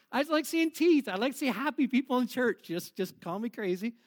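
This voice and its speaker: High-voiced joking male pastor. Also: expressive, normal speed. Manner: jokey, playful, laughs with the congregation. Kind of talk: sermon. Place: church.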